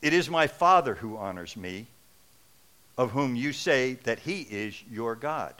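A man reading scripture aloud, voicing a calm male teacher answering his critics in a measured way. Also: mid-range voice.

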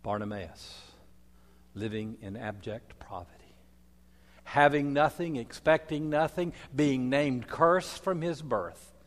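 A man preaching a sermon, telling stories dramatically, swinging from loud declarations to soft asides. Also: medium pitch, slow pace. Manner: dramatic storytelling with wide swings in loudness. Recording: long hall reverb.

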